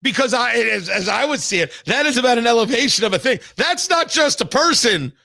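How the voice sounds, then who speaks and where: A man's voice: very high-pitched, animated, fairly quick, gravelly, bright, forceful tone, no echo, clean studio sound. A middle-aged man hosting a talk show, delivering an emphatic, sarcastic monologue and acting out imagined conversations. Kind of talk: opinionated talk radio monologue.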